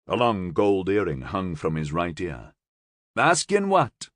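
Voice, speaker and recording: Guy narrating an audiobook, really lively voice, dry close sound. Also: low voice, measured pace, no room sound. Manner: expressive storytelling. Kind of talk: scripted narration.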